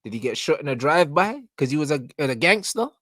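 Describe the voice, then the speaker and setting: Man, reaction host, mocking rant, pitch all over the place, dry close sound. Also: big pitch swings, fast, no room sound. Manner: brash, mocking, swings from loud to muttered. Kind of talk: ranting reaction commentary.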